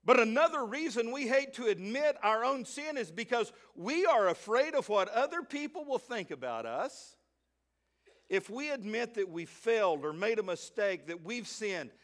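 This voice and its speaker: A middle-aged male pastor preaching a sermon to his church, swinging between loud emphasis and quiet asides, slowing down to read scripture. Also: extremely high pitch, very animated. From Arkansas, USA. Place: church sanctuary.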